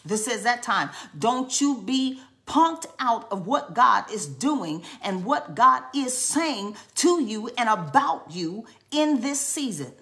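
A woman's voice: fairly high pitch, very animated, slow pace, few pauses, bright, forceful tone. A woman preaching a charismatic sermon, fervent and repetitive, breaking into tongues.

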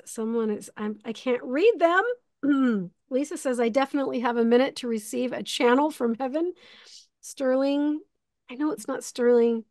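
An emotional woman host gushes warmly and giggles through her words. Her voice sits fairly high, and the sound is close and dry. She speaks through a video call microphone. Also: no room sound. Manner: effusive and giggly, gushing with feeling. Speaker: host of a spiritual class. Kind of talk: live online class, heartfelt closing remarks.

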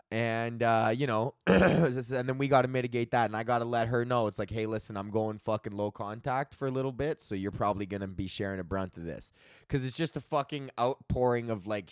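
A thirty-year-old man talks through his own comedy podcast in a loose, rambling way, swearing freely and laughing at his own jokes. His voice sits at an ordinary middle pitch. The sound is dry and close, with no room echo. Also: clean tone. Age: 30s. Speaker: podcast host. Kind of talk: casual solo comedy podcast rant.

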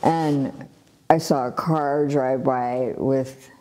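A middle-aged woman from Los Angeles recounts her past in a relaxed interview chat. Her voice sits low and mellow. She tells it with animation, laughing often and restarting sentences full of fillers. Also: slow. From Los Angeles, USA. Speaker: guest sharing her testimony. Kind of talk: casual personal storytelling.

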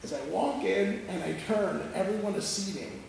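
A pastor telling a story in his sermon, animated and conversational, often checking that listeners follow. His voice sits high and carries a gravelly edge. It rings through a large echoey sanctuary and is picked up from well away from the mic. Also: normal speed, slight background noise. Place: church sanctuary. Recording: echoey church hall from far off.

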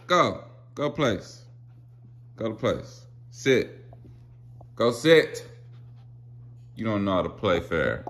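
A man's voice: on the low side, very animated, slow pace, pauses often, a bit bright. A young man hosting a casual home vlog, playfully coaxing kids and dogs and laughing often. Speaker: vlogger. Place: home kitchen. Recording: noisy home recording.

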